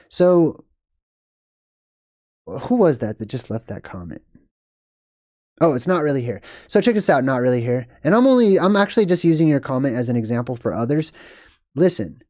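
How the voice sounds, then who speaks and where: A man's voice: mid-range voice, mellow, no echo, clean studio sound. A young man hosting a live stream, chatting casually and rambling as he reads out viewer comments. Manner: rambling, chatty, laughs at himself.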